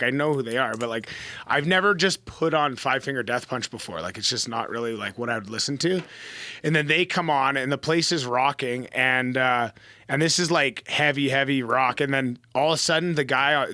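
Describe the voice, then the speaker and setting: Bright-voiced man telling a lively story. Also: medium pitch, no room sound. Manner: animated, heavy use of "like" fillers. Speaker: pro athlete guest. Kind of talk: casual storytelling.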